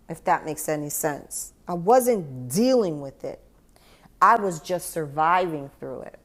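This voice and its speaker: A woman talks in an unhurried, gentle way, taking her time with each thought. Her voice sits a little low for a woman, and she addresses the listener directly with heartfelt warmth as a grieving mother on her own podcast. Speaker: podcast host. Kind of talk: personal reflective monologue.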